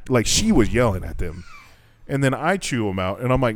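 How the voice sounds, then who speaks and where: A young man chats on a podcast, telling work stories with lots of swearing and acted-out quotes. His voice sits mid-range and his pitch jumps around a lot. The sound is close and dry. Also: brisk, no echo. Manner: animated storytelling, swears freely, acts out quoted voices. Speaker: podcast co-host; assistant language teacher in Japan. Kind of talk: casual chat.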